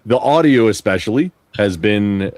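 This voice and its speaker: A man's voice: on the low side, animated, moderate pace, darkish tone, no echo. A man chatting on a livestream, dry and self-deprecating. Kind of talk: casual livestream chat.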